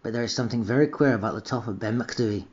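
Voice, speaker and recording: A man voicing an older male professor with a put-on Scottish accent, telling an eerie story in a measured way. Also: medium pitch, a little mellow, husky, dull audio, voice pushed down, close to an everyday voice. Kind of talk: reading an account aloud.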